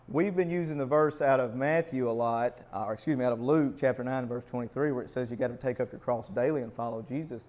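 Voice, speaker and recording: A man giving an informal Bible lesson as a lay preacher, talking conversationally and asking the room questions. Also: mid-range voice. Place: church or coffeehouse meeting room. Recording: dull lo-fi live recording.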